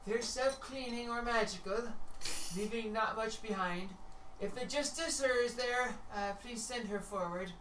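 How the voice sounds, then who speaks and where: A man's voice: very high-pitched, unhurried, sharp tone, slight background noise, voice pushed up, heavily acted. Man putting on a sweet, creepy scaly creature woman. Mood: falsely sweet. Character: cheerful creepy scaly female creature official. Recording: roomy distant mic, faint ambience.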